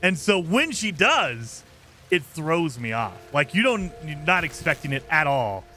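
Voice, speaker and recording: A man's voice: on the high side, big pitch swings, unhurried, pushed and bright, slight background noise. A man streaming a game, chatting casually with viewers in a joking, teasing way and laughing often. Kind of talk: casual live commentary while playing.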